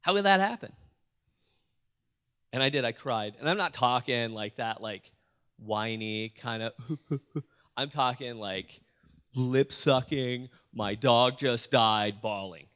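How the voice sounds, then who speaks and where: A man's voice: medium pitch, slow, a bit bright, smooth. A man giving a motivational talk to a school audience, telling a personal story with jokes and questions to the crowd. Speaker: motivational youth speaker. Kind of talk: storytelling keynote speech. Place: school auditorium.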